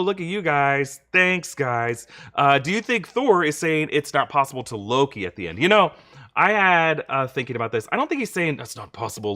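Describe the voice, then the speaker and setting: Chatty male livestream host, bright tone. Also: mid-range voice. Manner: chatty, reads viewer questions, thanks donors. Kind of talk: live-stream reaction Q&A.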